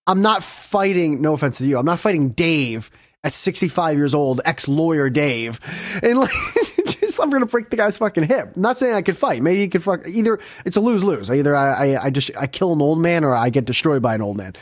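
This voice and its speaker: A young man chats into a podcast mic, excitable and quick to laugh, with plenty of swearing. His voice sits a bit high, and the sound is dry and close. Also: no room sound. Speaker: podcast host. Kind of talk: casual storytelling chat.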